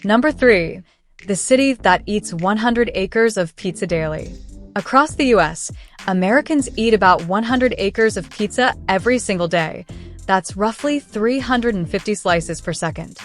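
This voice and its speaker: A woman giving scripted documentary-style narration for a fact countdown, in a smooth, evenly paced read with no fillers. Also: medium pitch, expressive, moderate pace, faint music behind.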